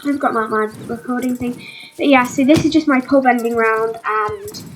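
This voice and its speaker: A woman who is sick and sounds croaky, rambling through a casual vlog voiceover with lots of fillers. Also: a little high, steady tone, moderate pace, slight background noise, rough recording. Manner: rambling, full of "but yeah" and "um". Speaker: vlogger.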